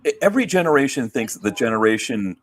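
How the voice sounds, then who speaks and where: A man's voice: mid-range voice, sing-song, quick pace. A middle-aged man co-hosting a casual movie chat, rambling and agreeable, full of fillers. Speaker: co-host.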